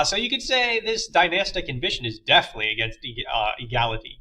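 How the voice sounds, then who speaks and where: A man's voice: mid-range voice, pushed and bright, poor audio. A young man teaching a history lesson in a loose, chatty way, with lots of fillers and playful asides. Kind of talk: casual classroom lecture.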